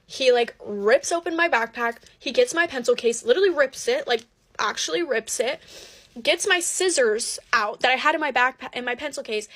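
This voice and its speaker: A woman's voice: sits high, normal speed, fairly bright tone. A woman telling a personal story in casual chat, candid and swearing freely with plenty of fillers.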